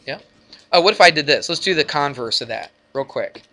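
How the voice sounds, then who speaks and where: A man teaching a math lesson to his class, lively and energetic, often asking the students questions. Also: fairly high pitch, a little fast. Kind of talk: classroom lecture.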